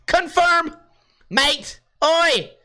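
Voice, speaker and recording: A man's voice: extremely high pitch, expressive, extremely slow, voice pushed up, full character voice. A man doing a rowdy, blunt Australian bloke in a mock Australian accent, barking short lines. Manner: shouty, barking short outbursts.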